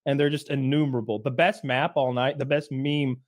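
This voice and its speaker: A man's voice: mid-range voice, fairly even intonation, brisk. A man co-hosting a podcast, chatting casually in a rambling, joking way. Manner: rambling, joking, mimics people he quotes. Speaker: podcast co-host. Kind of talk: casual chat.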